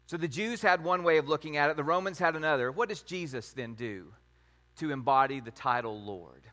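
A man teaching a sermon in a measured way, reading scripture passages aloud. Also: on the high side, pushed and bright. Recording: long hall reverb.

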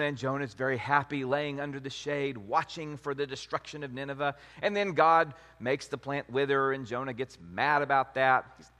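Man preaching in a reverberant hall. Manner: conversational, animated, acts out quotes with rising pitch. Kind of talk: sermon on scripture.

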